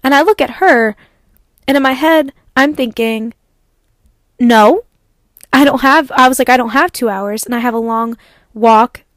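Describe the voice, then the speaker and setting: A young woman with a somewhat high voice tells a story in a dry, close sound. She vents with animated exasperation as a podcast host and acts out her own replies. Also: normal speed, no room sound. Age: young adult. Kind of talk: casual storytelling monologue.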